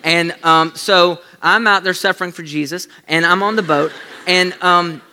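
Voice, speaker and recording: A man preaching a sermon, telling a story in an animated way and dropping to a hush for emphasis. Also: sits high, normal speed, slight background noise. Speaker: pastor.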